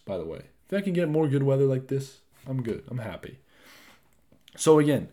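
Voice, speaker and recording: Rambling, cursing young podcast host. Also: male voice, mid-range voice, moderate pace, pauses often. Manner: rambling, profane, animated asides. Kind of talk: casual solo podcast chat.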